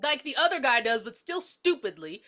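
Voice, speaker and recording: A woman's voice: high-pitched, big pitch swings, a little fast, bright, forceful tone. A woman co-hosting a podcast, chatting casually about a film and joking as she quotes its characters. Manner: chatty, jokey, quoting characters. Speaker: podcast co-host. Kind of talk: casual movie review chat.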